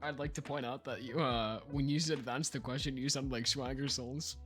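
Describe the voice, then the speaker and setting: A man's voice: medium pitch, steady tone, moderate pace, fairly bright tone, faint music behind. A young man co-hosting a podcast, chatting casually with lots of laughter, fillers and loose tangents. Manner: giggly, rambling, lots of fillers. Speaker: podcast co-host. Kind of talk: casual chat.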